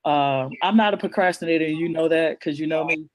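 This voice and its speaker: A woman speaks as a guest author, telling her story candidly and earnestly. Her talk is emotional and halting, with frequent restarts. The sound is dry and close. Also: sits low, dry recording. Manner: earnest, emotional, repeats herself while recounting. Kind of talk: candid personal storytelling in an interview.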